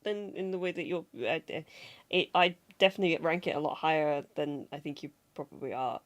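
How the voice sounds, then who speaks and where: A woman's voice: low-pitched, steady tone, brisk. A woman co-hosting a film review show, talking in an enthusiastic, rambling way with frequent laughs, and sounding like she has a cold. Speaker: podcast co-host. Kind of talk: casual film review chat.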